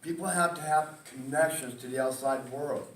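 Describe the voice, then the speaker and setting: A man's voice: medium pitch, moderate pace, recorded from a distance, slight background noise. A man speaking emotionally at a community meeting, stressing points with a repeated "okay?". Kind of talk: public testimony at a meeting. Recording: echoey hall, picked up from afar.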